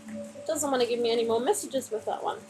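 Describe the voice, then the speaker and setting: A woman reading tarot cards for viewers on a live stream, calmly reassuring them and calling them honey. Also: on the high side, fast talker, music in the background, rough recording. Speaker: tarot card reader. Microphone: phone.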